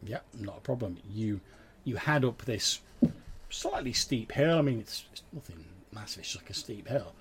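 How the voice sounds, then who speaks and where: A man's voice: lowish voice, animated, normal speed, fairly bright tone. A man narrating a tabletop game as game master, in a loose, filler-heavy way.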